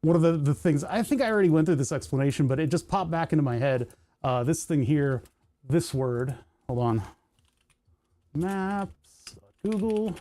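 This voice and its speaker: A mellow, darker voice belonging to a streamer from Pennsylvania, talking at an even, middling pitch. They chat casually while working at a computer, drifting from one tangent to the next and breaking off their own sentences. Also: fairly quick. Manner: rambling, tangent-prone, self-interrupting.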